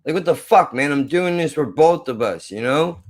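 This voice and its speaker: A man's voice: a little high, expressive, normal speed. Frustrated swearing male streamer. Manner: swearing, muttering, exasperated. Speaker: live streamer. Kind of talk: frustrated off-the-cuff rant.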